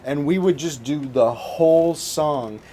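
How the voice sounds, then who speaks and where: A man from French Canada, an animated storyteller chatting casually over a let's-play. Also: a little high, unhurried, slight background noise. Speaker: gaming commentator.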